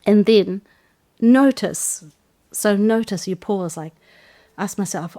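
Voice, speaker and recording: A woman's voice: medium pitch, slow pace. A woman, a Christian life coach, giving a teaching talk and acting out example phrases as she goes. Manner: acts out example phrases, animated.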